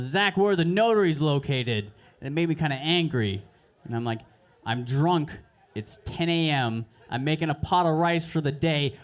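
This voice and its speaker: A young man with a fairly high voice works through a stand-up set at an open mic. His delivery is crude, deadpan and self-mocking, and he speaks into a handheld stage mic. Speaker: stand-up comedian. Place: comedy club stage.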